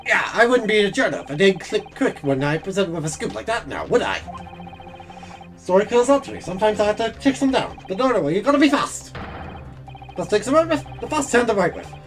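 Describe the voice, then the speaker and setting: A streamer voicing an excitable young male tabloid journalist who talks brashly and rambles on about his scoops, while reading a game's dialogue live. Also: mid-range voice, fairly quick. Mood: eager.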